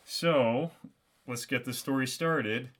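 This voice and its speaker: A man hosting his own podcast, telling a comedic story in a deadpan, halting way with lots of restarts. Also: mid-range voice. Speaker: podcast host.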